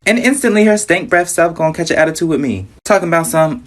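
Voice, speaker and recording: A woman's voice: deep voice, fast. Sassy storytelling woman. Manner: sassy, animated, acts out quoted voices. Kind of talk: casual storytime narration.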